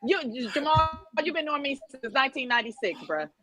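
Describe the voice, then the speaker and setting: Playful high-voiced woman host. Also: very animated, fast talker, poor audio. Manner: playful, laughs often, teasing. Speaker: podcast host. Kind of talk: casual sports chat. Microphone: video call.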